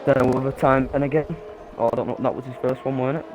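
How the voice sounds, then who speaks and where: A man's voice: mid-range voice, steady tone, fast, dull audio, background noise. A man co-commentating a sim race live, chatting casually with short replies. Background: background music.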